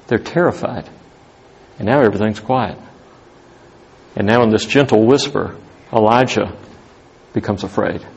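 Gravelly, husky pastor preaching a sermon. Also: male voice, normal speed, long pauses, rough recording. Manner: animated, rising to emphatic highs then dropping to hushed tones.

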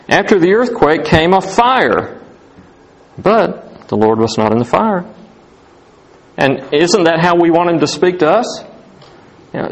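A man preaching a sermon as pastor, animated, rising to emphatic highs and dropping to hushed tones. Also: rough recording.

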